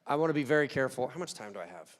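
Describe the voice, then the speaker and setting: A young man preaching a conversational sermon, dropping to quiet asides and rising to loud, emphatic peaks. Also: mid-range voice, animated, rapid-fire. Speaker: pastor. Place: church hall. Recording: long hall reverb.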